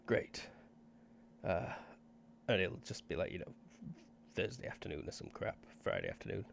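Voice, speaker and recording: A man's voice: deep voice, normal speed, gravelly, slight background noise. A man narrating a tabletop game as game master in a casual, offhand way.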